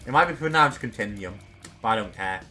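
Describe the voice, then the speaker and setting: Bright-voiced young man commenting on gameplay. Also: medium pitch, lively intonation, quick pace, soft background music. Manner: chatty, self-deprecating, talks to himself while playing. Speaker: gaming streamer.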